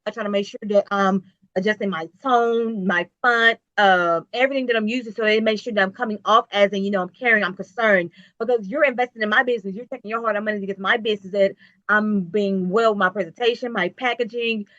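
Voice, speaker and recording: Bright, emphatic woman guest. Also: medium pitch, fairly even intonation, quick pace, no room sound, muffled recording. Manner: emphatic, repetitive, preachy motivational. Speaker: business owner, interview guest. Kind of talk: casual interview talk.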